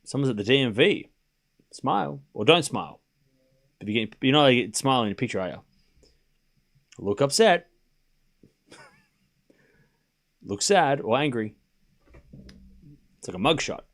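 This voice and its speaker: A man's voice: mid-range voice, animated, measured pace, long pauses, a bit bright. A young man hosting a live tennis watchalong, calling points and chatting with his viewers. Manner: chatty, reads out viewer locations between play calls. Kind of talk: live stream commentary and chat.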